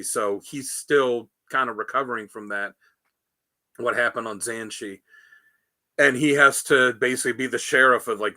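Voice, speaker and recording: A man hosting a casual podcast about comic books, telling the stories in a rambling, animated way with lots of fillers. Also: medium pitch. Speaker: podcast host. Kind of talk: casual comic book discussion.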